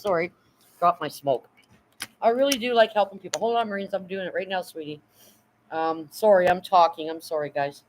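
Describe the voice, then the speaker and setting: Middle-aged woman, livestream host, emotional, effusive, rambling with fillers, mid pitch. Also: a little fast, rough recording. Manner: thanks viewers often. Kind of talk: casual livestream chat.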